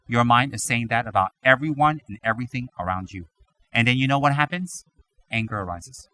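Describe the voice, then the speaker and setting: A man giving a Buddhist teaching, animated and dramatic, acting out his students' complaints. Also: medium pitch, fairly quick. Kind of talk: dharma teaching talk.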